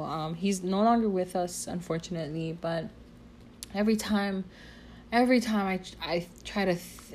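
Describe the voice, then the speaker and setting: A woman's voice: fairly low pitch, darkish tone, a little hiss or hum. A young woman hosting her own podcast, talking candidly and casually, full of fillers, restarts and swearing. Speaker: podcast host. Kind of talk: casual personal podcast talk.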